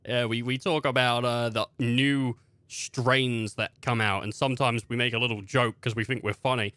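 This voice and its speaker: Bright-voiced, swearing streamer. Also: male voice, medium pitch, moderate pace, clear, resonant tone, no echo. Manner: profane rambling comic rants, acting out everyday characters. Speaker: game streamer. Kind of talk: casual gameplay commentary.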